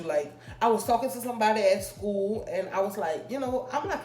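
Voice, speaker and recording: A woman's voice: mid-range voice, expressive, a little mellow. A young woman vlogger telling a personal story in casual, rambling chat full of fillers. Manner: chatty, rambling, drawn-out fillers. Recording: echoey room with faint music.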